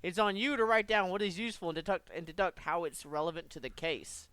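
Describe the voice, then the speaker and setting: A man's voice: sits high, fast, pushed and bright, clear, resonant tone, no echo. A young man giving casual, profane let's play commentary with joking, mumbled asides. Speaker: gamer.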